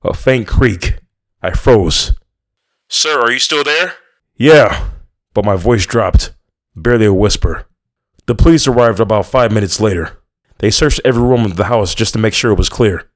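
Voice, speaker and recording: A man narrating a first-person horror story in a tense, measured way. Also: on the low side, no echo, studio quality.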